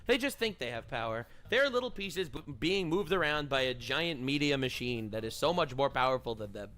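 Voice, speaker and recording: A man's voice: mid-range voice, expressive, fairly quick, bright, forceful tone. A man co-hosting a live stream, ranting in a sarcastic, mocking way. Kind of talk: casual reaction stream commentary.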